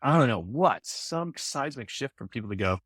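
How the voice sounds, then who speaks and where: A man's voice: medium pitch, expressive, moderate pace, a bit bright, no room sound, clean studio sound. A man chatting as a podcast guest, telling rambling stories full of "like" and "you know.". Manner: rambling storyteller, lots of fillers. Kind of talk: casual podcast chat.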